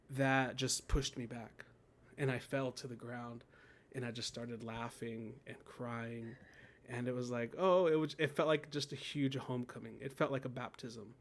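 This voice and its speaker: Man in his thirties telling his story. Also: medium pitch. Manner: laughs often, animated storytelling with quoted inner voices. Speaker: guest, poet and death doula. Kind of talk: casual interview conversation.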